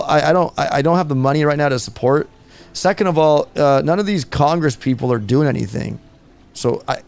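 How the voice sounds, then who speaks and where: A man's voice: mid-range voice, creaky, darkish tone. A man in his thirties hosting a gaming live stream, chatting casually and rambling with frequent restarts. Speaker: gaming channel host.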